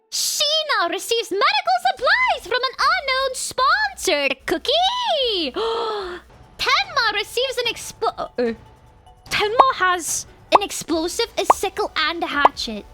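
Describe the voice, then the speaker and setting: Young woman, very high voice, bright, playful stream commentary, faint music behind. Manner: playful, giggly, exclamations. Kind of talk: live-stream commentary on a game.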